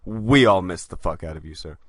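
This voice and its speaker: A man with a bright, edgy voice co-hosts a live stream, cracking crude jokes. The sound is dry and close. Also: low-pitched, lively intonation, brisk, no room sound. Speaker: stream co-host. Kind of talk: casual live-stream chat.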